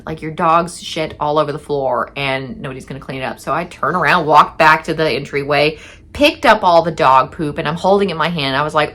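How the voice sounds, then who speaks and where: A woman's voice: low voice, a little fast, fairly bright tone. A woman telling a candid first-person story in a chatty way, acting out what she said back then and cursing now and then. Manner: chatty and candid, swearing, reenacting her own past lines. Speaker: storyteller recounting her past.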